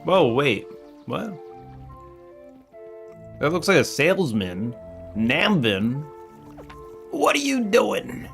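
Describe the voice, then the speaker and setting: A man streaming a game, joking and laughing often as he talks to chat and scolds his game characters. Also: medium pitch. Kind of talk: casual gameplay commentary.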